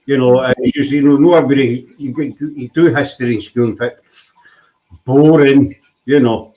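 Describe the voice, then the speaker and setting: A man's voice: mid-range voice, steady tone, normal speed, mellow, low-quality recording. Chatty Scottish male show host. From Scotland. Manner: chatty, self-deprecating, with frequent fillers. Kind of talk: casual chat.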